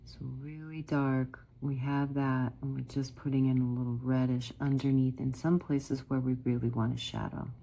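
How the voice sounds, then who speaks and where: A middle-aged woman with a low-pitched voice talks her viewers through a watercolor painting step by step. She is chatty and encouraging, calling the audience "guys" as she works. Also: flat delivery, moderate pace, creaky, hardly any pauses, dark tone. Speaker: watercolor art teacher.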